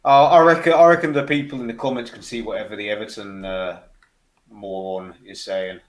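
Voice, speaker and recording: A man's voice: fairly low pitch, steady tone, fairly quick. A man co-hosting a live football watchalong, chatting in a wry, joking way that often restarts mid-sentence. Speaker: co-host of a fan channel watchalong. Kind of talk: casual live match chat.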